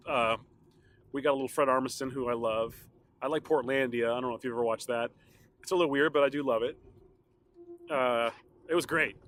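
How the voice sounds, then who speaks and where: A man's voice: mid-range voice, fairly bright tone, a little hiss or hum. A man hosting his own podcast, chatting alone in a rambling, casual way with frequent laughs, his throat a little sore. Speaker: podcast host. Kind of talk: casual solo podcast chat.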